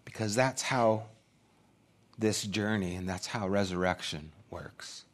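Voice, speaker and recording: A man's voice: on the low side, takes it slowly. Earnest middle-aged male pastor preaching. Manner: earnest, conversational preaching with repeated phrases. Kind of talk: sermon.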